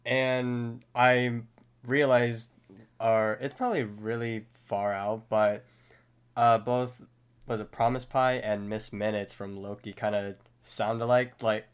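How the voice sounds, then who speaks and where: A man with a smooth, resonant voice co-hosting a podcast and recapping a cartoon episode. He walks through each scene in order with steady, detailed narration. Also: mid-range voice, slow. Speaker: podcast co-host.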